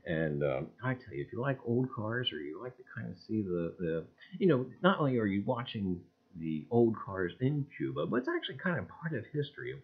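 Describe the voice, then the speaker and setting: A man hosting a casual livestream, greeting viewers by name in loud sing-song bursts and chatting in a folksy way. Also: fairly low pitch, sing-song, a little fast, husky. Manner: folksy, repeats "gang, I tell you". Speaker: livestream host. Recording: dull lo-fi stream audio.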